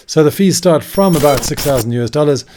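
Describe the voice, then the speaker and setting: A man's voice: on the high side, lively intonation, fast, darkish tone, a little hiss or hum. A man hosting a casual explainer vlog, talking in a chatty, conversational way with asides to his viewers, recorded indoors. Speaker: vlog host. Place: indoor room.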